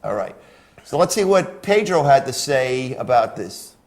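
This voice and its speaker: A man's voice: medium pitch, big pitch swings, measured pace, a little mellow. A man co-hosting a sports talk show in casual chat. He reads out stats, laughs easily and chimes in with short replies.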